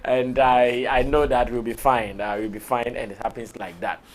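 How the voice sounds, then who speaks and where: Hoarse Ghanaian man hosting live. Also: mid-range voice, little pitch movement, moderate pace. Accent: Ghanaian English. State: hoarse, lost his voice. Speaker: show host. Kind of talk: live entertainment talk show.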